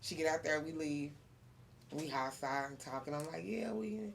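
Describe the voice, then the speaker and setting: A woman hosting a podcast, telling a story in casual chat, animated and laughing often. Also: low-pitched, moderate pace, a little hiss or hum. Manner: animated storyteller, laughs often, gets loud when excited. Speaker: podcast host.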